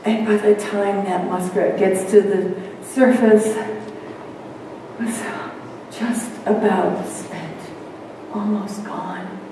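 A woman minister telling a story in a sermon, slowly and dramatically. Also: mid-range voice, fairly even intonation, background noise. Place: church sanctuary. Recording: echoey church hall, mic far off.

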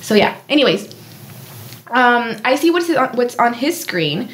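Bubbly twenty-something woman, giggles a lot, says "like" constantly, a bit high-pitched. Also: sing-song, unhurried, fairly bright tone, a little hiss or hum. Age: 20s. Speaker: guest. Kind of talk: casual podcast chat.

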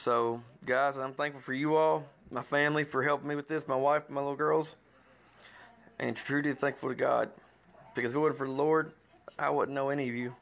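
Earnest Kentucky man with gravelly voice. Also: mid-range voice, fairly even intonation, brisk, a bit bright. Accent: Kentucky Southern American. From Kentucky, USA. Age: 30s. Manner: earnest, rambling with restarts. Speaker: YouTuber. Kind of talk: poetry reading and heartfelt vlog talk. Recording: roomy echo with faint guitar music.

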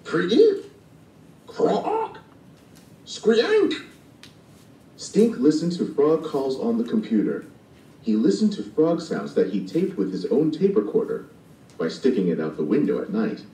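A man's voice: mid-range voice, big pitch swings, moderate pace, mellow. A man reading a children's storybook aloud expressively, acting out sound effects along the way. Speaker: storybook narrator. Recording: distant and echoey playback.

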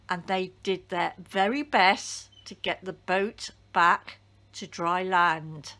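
A woman reading a children's Bible story aloud as a church storyteller, deliberate and expressive. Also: on the low side.

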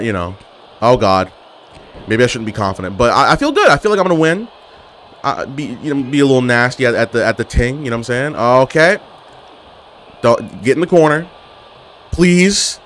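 A man's voice: medium pitch, a bit bright, a little hiss or hum. A young man giving casual gameplay commentary as a gaming YouTuber, full of playful trash talk and hyped outbursts at the game.

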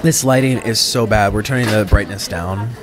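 Speaking at normal speed in a voice on the low side, a mukbang vlogger eats on camera and tells a rambling, dramatic story casually into his own microphone. He's chatty and keeps interrupting himself, and a crowd can be heard in the background.

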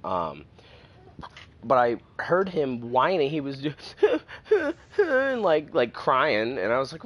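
A man chatting on his live stream through a headset, telling stories in an animated way and swearing freely. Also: fairly high pitch, moderate pace, highs cut off. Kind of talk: casual chat on a live stream.

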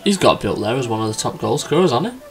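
A young man casually commenting on a football management game, chatty and excitable. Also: mid-range voice. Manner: chatty, excitable, quick laughs and exclamations. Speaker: gaming YouTuber. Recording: faint background music.

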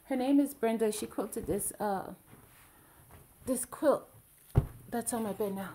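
A woman's voice: fairly high pitch, measured pace, pauses often, mellow, a little hiss or hum. A middle-aged woman in a casual show-and-tell vlog, chatty and rambling, gushing about a gift. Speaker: video blogger.

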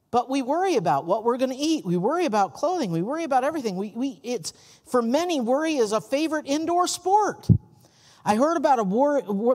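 A man preaching in a church, his pitch rising and falling a great deal as he tells folksy stories. The sound has a long, hall-like reverb. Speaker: pastor. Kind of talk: sermon. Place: church sanctuary.

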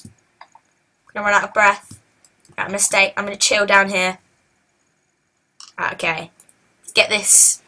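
A woman hosting a casual let's-play, chatting and excitably yelling at the game. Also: medium pitch, unhurried, pauses often. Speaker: gaming channel host.

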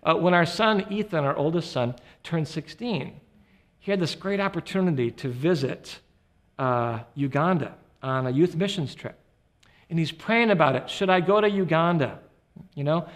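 A man giving a humorous Christian teaching talk, an animated storyteller who slips into voices. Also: on the high side, moderate pace.

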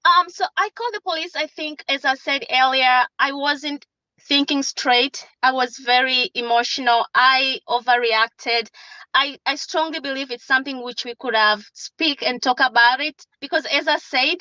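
A woman speaking to a court from inside a car, her high, bright voice coming through dull, lo-fi call audio. She pleads haltingly and restarts her sentences often. The sound is close and dry. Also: dry recording. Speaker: witness and mother in a court hearing. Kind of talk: courtroom testimony by video call.

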